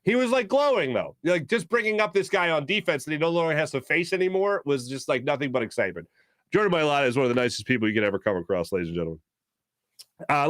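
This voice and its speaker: A sports-talk host, a fairly high-voiced man, talks in quick animated bursts full of "uh"s and restarts. His voice is close and dry, with no room around it. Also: dry recording. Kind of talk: casual sports talk with live ad reads.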